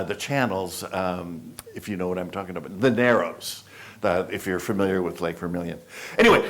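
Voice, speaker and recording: A man's voice: medium pitch, fairly bright tone. A man giving a humorous, self-deprecating storytelling talk to a club audience in a meeting room. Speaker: motivational speaker.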